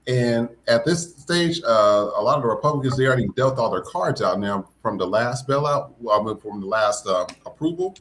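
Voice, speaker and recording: A man's voice: mid-range voice, normal speed, few pauses, a little hiss or hum. A man hosting a podcast, ranting in casual political commentary with lots of profanity and mocking asides. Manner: profane, animated, mocking mimicry. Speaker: podcast host.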